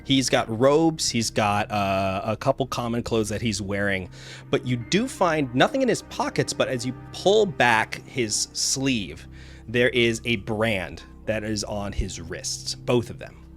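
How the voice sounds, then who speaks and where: A man's voice: mid-range voice, animated, measured pace, a bit bright, soft background music. A man narrating a tabletop game as game master, rambling with frequent fillers and restarts.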